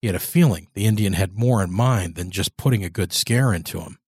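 A man narrating a horror story in a steady, measured storytelling manner. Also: sits low, no room sound, studio quality. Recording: voice over clear background music.

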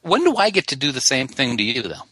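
A man's voice: medium pitch, huge pitch swings, quick pace, sharp tone, husky. A man co-hosting a podcast, playful and teasing, laughing easily in casual chat. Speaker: podcast co-host.

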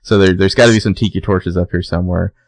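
A man's voice: sits low, steady tone, fast, creaky, dry recording. A man co-hosting a podcast, recapping a TV episode in casual chat, loose and filler-heavy, laughing often. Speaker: podcast co-host.

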